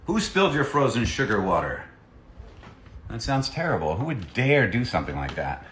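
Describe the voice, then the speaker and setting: A man's voice: medium pitch, huge pitch swings, moderate pace, fairly bright tone, echoey room. A man, a voice actor, chatting playfully on a live stream while he signs autographs and reads out fan messages. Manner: playful and jokey, reading fan messages aloud. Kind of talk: casual live-stream chat.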